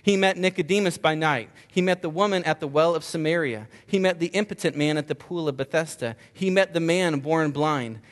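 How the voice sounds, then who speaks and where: A man's voice: a little high, brisk, few pauses, long reverb tail. A male pastor delivering an earnest sermon, stressing points with repeated rhetorical questions.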